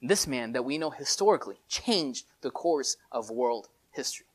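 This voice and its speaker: A preacher giving a sermon in casual, animated storytelling with many filler words. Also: mid-range voice, moderate pace, slightly rough.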